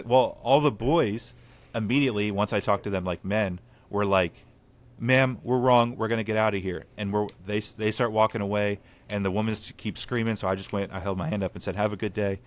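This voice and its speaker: Earnest, low-voiced man. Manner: storytelling, earnest, lots of "like" fillers. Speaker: podcast host. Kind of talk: casual chat.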